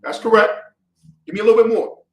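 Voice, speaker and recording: A man's voice: high voice, fast, muffled recording. A man leading a call-and-response Bible class, quizzing his students with emphatic questions. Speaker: class teacher. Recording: echoey room.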